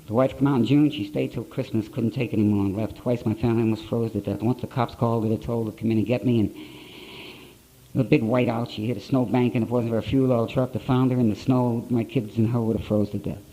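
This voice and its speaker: Middle-aged man, mellow warm tone, blunt plain-spoken storyteller at a podium, old conference tape. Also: medium pitch, steady tone, fast talker, rough recording. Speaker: speaker at a recovery conference. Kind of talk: personal recovery story told to an audience.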